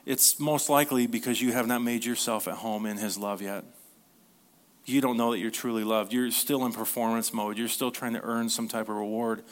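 Earnest conversational male preacher. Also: fairly even intonation. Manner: earnest, conversational, asks the listeners questions; reads scripture slowly, then rises in pitch and energy. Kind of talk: sermon.

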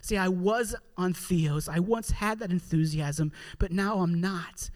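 A man preaching a sermon in an earnest, conversational way, slowing down to read scripture. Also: high-pitched. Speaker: pastor.

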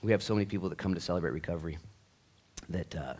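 Lower-voiced pastor preaching animatedly. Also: male voice, rapid-fire. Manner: animated storytelling, acts out quotes. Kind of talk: sermon. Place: church.

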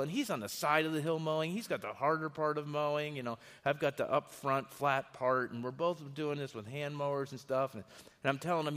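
A middle-aged man preaching a sermon as a pastor, telling stories in a lively, conversational way. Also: medium pitch. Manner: storytelling, animated and conversational. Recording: reverberant hall.

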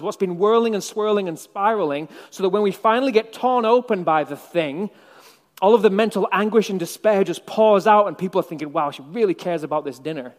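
A male preacher with a high-pitched voice delivers his sermon in a conversational, reflective way, dropping in wry asides. The long reverb of a large church hall rings behind each phrase.

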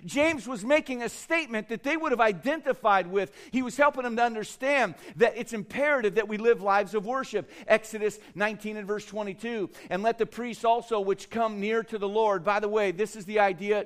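A middle-aged man preaching a sermon as pastor, emphatic, with repeated words and swings between loud and soft. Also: sits high, a little fast, hardly any pauses. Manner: emphatic preaching with repetitions, rising and falling loudness.

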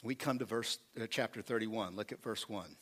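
Speaking at a normal pace in a fairly low voice, a male preacher delivers a lively sermon, acting out quotes from the text and prompting the congregation to respond.

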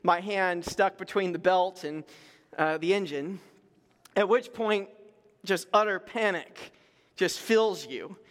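A middle-aged man preaching, a pastor telling stories in a conversational, animated way with self-deprecating humor. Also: sits high, takes it slowly. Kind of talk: storytelling sermon. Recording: long reverb in a large hall.

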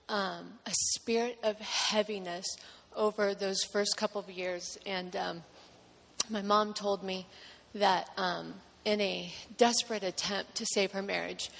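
A woman from Georgia giving an emotional personal testimony at church, halting with many pauses. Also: mid-range voice, vocal fry, a bit bright, long reverb tail. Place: church sanctuary.

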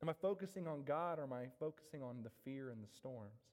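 A man's voice: mid-range voice, animated, fast, darkish tone. A male pastor preaching a sermon, emphatic and repetitive, calling out to the congregation again and again. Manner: emphatic, repeats key questions, calls out to the congregation. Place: church sanctuary. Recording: long reverb of a church hall.

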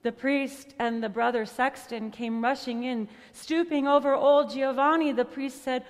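A woman telling a storybook tale in an expressive, soft-edged manner, closing with a prayer. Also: high voice, unhurried, hardly any pauses, in a large hall. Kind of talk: storybook reading ending in prayer.

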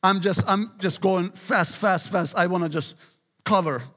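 A man's voice: high voice, unhurried, a bit bright, in a large hall. A middle-aged male pastor preaching an emphatic sermon, often urging listen and praise God.

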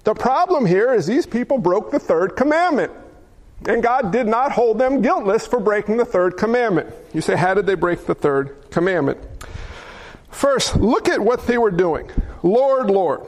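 A man's voice: high-pitched, expressive, moderate pace. A man preaching a sermon, emphatic, asking rhetorical questions and acting out the people he quotes. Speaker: pastor.

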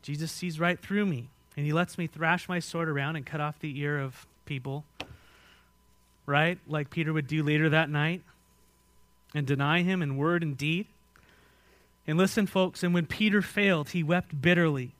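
Male American pastor, mid-high voice, dry close sound; dynamic sermon delivery with direct questions to the room. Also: fairly even intonation, moderate pace, no echo. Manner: dynamic preaching, swings from loud and emphatic to quiet and hushed; asks the congregation direct questions.

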